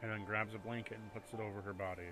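A man's voice: on the low side, little pitch movement, quick pace, rough recording. A man narrating as game master of a tabletop game, casual and matter-of-fact. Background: background music.

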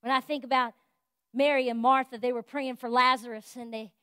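A woman pastor preaching a sermon in a fervent, folksy way, rising to loud exhortation and dropping to soft, confiding talk. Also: a little high, steady tone, a little fast, smooth, dry recording, studio quality. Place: church.

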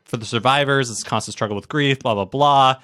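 A man guesting on a comedy podcast, reading a plot summary in a wry, deadpan way. His voice is of ordinary pitch for a man and sounds dry and close. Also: fast talker, no room sound. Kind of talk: casual comedic book chat.

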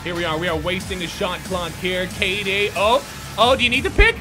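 A young man doing live commentary on a basketball video game, muttering to himself one moment and shouting curses the next. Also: high-pitched, animated, a little fast, over loud music. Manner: swings from muttered self-coaching to shouted profane outbursts. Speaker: gaming YouTuber.

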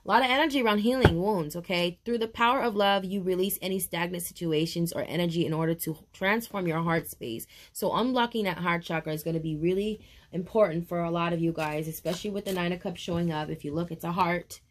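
A woman giving a tarot reading for viewers in a casual video, talking in a lively, confident way and calling them baby and honey. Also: lowish voice, fast, few pauses, a little hiss or hum. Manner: chatty, sure of herself. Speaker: tarot reader.

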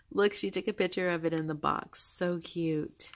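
A woman vlogger chatting casually as she shows a journal, gushing and soft-spoken, with fillers and small laughs. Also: fairly low pitch, slight background noise. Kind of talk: casual chat. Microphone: handheld camera held close.

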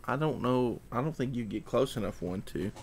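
A man chatting casually and relaxed, teasing and joking. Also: mid-range voice, normal speed, slightly rough. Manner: relaxed, teasing, jokes and speaks to his dog. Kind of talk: casual chat. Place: Texas, USA.

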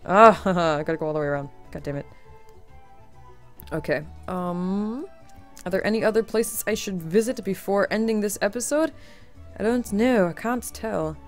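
A woman's voice: mid-range voice, moderate pace. A young woman hosting a casual let's-play, talking sarcastically and swearing a lot, her voice tired and strained. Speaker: gaming channel host. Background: faint game music.

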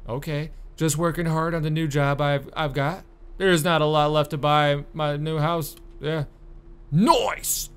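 A man doing let's-play commentary on a horror game, exasperated and swearing, with sudden loud outbursts. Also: a little high, fairly even intonation, a little slow, smooth. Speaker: gaming YouTuber.

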